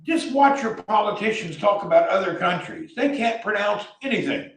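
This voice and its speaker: A man from the American South with a Southern accent, delivering a blunt, heated opinion rant as a vlogger and often shouting. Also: high voice, expressive, normal speed, roomy sound, recorded from a distance, poor audio.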